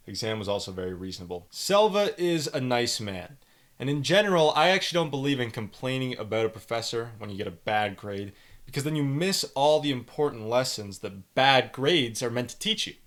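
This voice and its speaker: A young man with a Canadian accent, hosting a podcast and reading student reviews aloud with blunt, animated commentary. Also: mid-range voice. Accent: Canadian English. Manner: blunt, animated, lectures with emphasis. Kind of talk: opinionated solo commentary.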